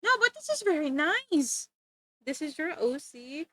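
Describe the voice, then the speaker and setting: A woman's voice: sits high, big pitch swings, measured pace, a bit bright. A woman chatting casually to her viewers while streaming art, bubbly and laughing often. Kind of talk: casual livestream chat.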